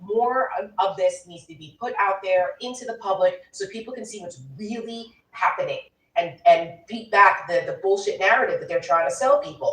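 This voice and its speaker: Indignant woman in a roomy echo. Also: on the low side. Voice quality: indignant, emphatic delivery. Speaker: panel commentator. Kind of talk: heated political discussion. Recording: roomy echo from a distant mic.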